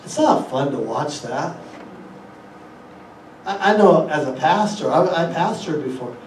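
A man's voice: fairly high pitch, animated, a little slow, roomy sound, recorded from a distance, a little hiss or hum, rough recording. A man preaching a sermon as a guest speaker, asking the congregation rhetorical questions and quoting scripture. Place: church hall.

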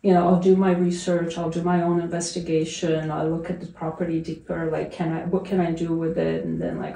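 Animated woman telling investing stories. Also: lowish voice, fairly quick, creaky, hardly any pauses, reverberant, far from the mic, low-quality recording. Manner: animated storytelling, acts out her own quoted lines. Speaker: real estate investor guest. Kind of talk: casual podcast conversation.

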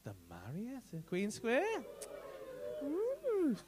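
Cheeky english comic on a club stage with a handheld mic, high and very animated voice, sweary teasing banter with the crowd. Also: male voice, fairly quick, noisy background. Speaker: stand-up comedian doing crowd work. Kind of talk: live stand-up crowd work. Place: comedy club stage with audience.

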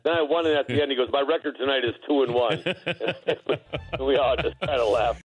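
A man recalling a game as a former teammate, halting and repeating words as he tells it. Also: mid-range voice, slightly rough. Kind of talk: casual storytelling. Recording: dull lo-fi sound.

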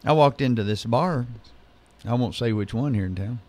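A man's voice: medium pitch, moderate pace, darkish tone. A man co-hosting a radio show, telling a long joke story in casual banter.

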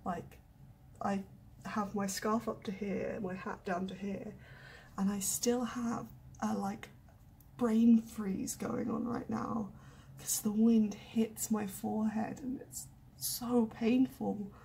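A young woman chatting casually in a vlog, often dropping into a hushed whisper and joking at her own expense. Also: medium pitch, steady tone, takes it slowly, a little hiss or hum. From United Kingdom. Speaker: vlogger. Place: indoors in a small warm room, then outdoors in snow and wind. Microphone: handheld camera mic.

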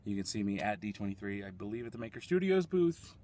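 A man vlogging casually at a fast food restaurant, rambling and talking with his mouth full as he tastes a dessert. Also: lowish voice, big pitch swings, dark tone. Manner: chatty, rambling, eating while talking. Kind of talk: casual food-tasting vlog.

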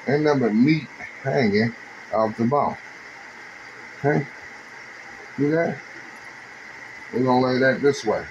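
A man's voice: mid-range voice, unhurried, pauses often, highs cut off, a little hiss or hum. Chatty man showing how he cooks. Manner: chatty, addresses viewers as you guys. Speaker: home cook. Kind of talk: casual cooking demonstration.

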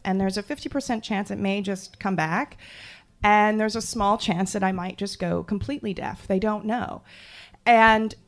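A woman from the Jersey Shore telling a personal story live on stage, animated and self-mocking, laughing as she goes. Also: mid-range voice, creaky. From Jersey Shore, USA.

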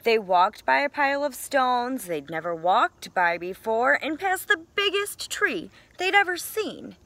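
A woman teacher reading a picture book aloud to young children, in a gentle, expressive storytelling manner. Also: high voice, unhurried, dry recording.

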